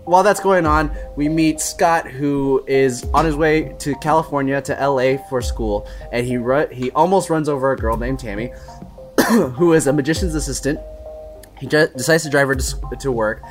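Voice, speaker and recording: A man's voice: medium pitch, normal speed, soft background music. A young man co-hosting a casual podcast, recapping a movie plot in a rambling way with laughs and quoted bits. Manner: rambling, laughing while retelling scenes with playful quoted voices. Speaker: podcast co-host.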